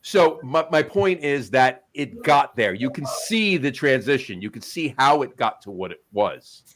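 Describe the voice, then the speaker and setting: A man's voice: mid-range voice, big pitch swings, a little slow, a bit bright, a little hiss or hum. A man, co-hosting a podcast in casual chat, rambling with many restarts. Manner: rambling, full of restarts and fillers. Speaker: podcast co-host.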